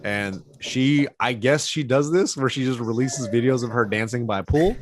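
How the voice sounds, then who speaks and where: A man co-hosting a podcast, chatting casually in a relaxed, laid-back way. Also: medium pitch, moderate pace. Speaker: podcast co-host. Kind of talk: casual chat.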